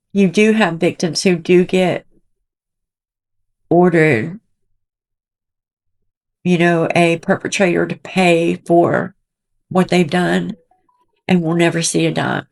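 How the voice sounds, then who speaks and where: A woman in middle age talks to her commentary channel from a cramped room at home. Her voice is gravelly and sits a little low, and she speaks at a slow, dragging pace. She sounds indignant and emotional, rambling as she goes. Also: fairly even intonation, a little mellow.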